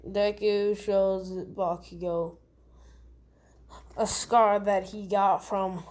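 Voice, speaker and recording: A woman's voice: mid-range voice, little pitch movement, drawn-out words, darkish tone. A woman casually telling a fan-fiction story, rambling and correcting herself as she goes.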